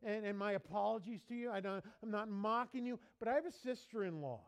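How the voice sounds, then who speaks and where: A man preaching in a church as pastor, lively and playful, mimicking people for laughs. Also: high-pitched, a little fast, hardly any pauses, smooth. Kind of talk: sermon.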